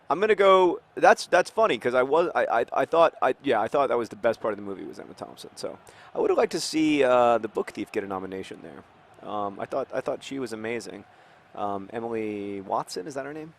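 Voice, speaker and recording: A man's voice: mid-range voice, brisk, vocal fry. Rambling man chatting over a game. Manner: rambling, with restarts and sudden excited outbursts at the game. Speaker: host. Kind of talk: casual chat over live gameplay.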